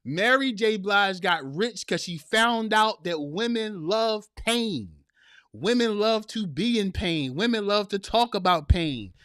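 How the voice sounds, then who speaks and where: Slangy preachy man host, bit high. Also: animated, slow pace, fairly bright tone, no room sound, clean studio sound. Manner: preachy, laughs a lot, drawls with slang. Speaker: podcast host reading live chat. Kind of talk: casual live-stream commentary.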